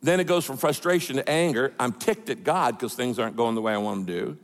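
A male pastor preaching a sermon with lively, emphatic delivery and quoted asides. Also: medium pitch, fairly quick, in a large hall.

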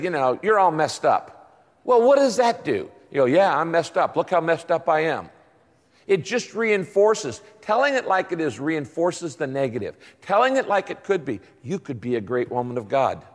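A male pastor preaching a sermon to his congregation, lively and animated, fond of catchy rhymes and questions to the crowd. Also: a little high, big-room sound. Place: large church hall.

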